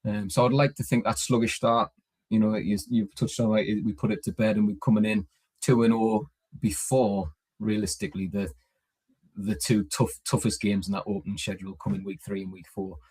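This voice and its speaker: Halting man, husky voice. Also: fairly low pitch, little pitch movement, a little mellow. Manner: halting, restarts often. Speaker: podcast co-host. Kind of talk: casual podcast chat.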